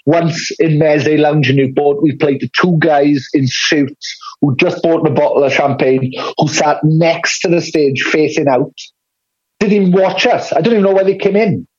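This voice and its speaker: A man's voice: fairly high pitch, normal speed, darkish tone, slightly rough, lo-fi sound. A man with a Welsh Valleys accent chatting candidly as a podcast guest, rambling through stories and swearing freely. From Wales. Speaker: guest musician. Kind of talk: casual podcast chat.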